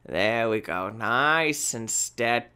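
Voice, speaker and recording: A man hosting a gaming video, talking through his play in an excitable, exclamatory, rambling way. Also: mid-range voice, takes it slowly, clear, resonant tone. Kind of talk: let's play commentary.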